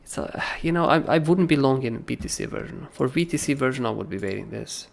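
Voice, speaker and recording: Male livestream host with a gravelly voice; loose, animated trading commentary. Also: medium pitch, fairly quick. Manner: animated, keeps asking "right?", swears casually. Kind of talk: casual chart analysis on a livestream.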